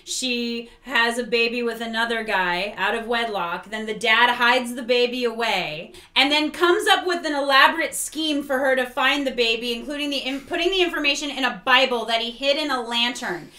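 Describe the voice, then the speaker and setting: A woman hosting a casual review chat, animated and mocking lines in exaggerated quotes. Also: on the high side, moderate pace, hardly any pauses, roomy sound. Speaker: podcast host.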